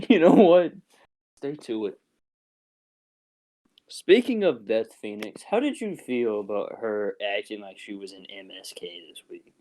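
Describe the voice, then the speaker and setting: Young male podcast co-host, animated pitch, loose joking delivery. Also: measured pace, long pauses, low-quality recording. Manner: loose, joking, laughing often. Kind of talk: casual chat.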